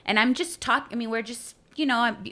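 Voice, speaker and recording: A woman's voice: on the high side, fairly quick. A woman co-hosting a casual podcast chat, telling a story and acting out the people she quotes. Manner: animated storyteller, acts out quoted voices, laughs often. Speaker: co-host.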